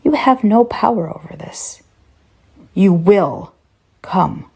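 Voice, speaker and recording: A woman's voice: mid-range voice, expressive, measured pace, gravelly, dark tone, husky, pitched above the performer's own voice, exaggerated voice. A woman voicing an eerie grinning female stalker who taunts in a childish, singsong, mocking way. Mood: taunting.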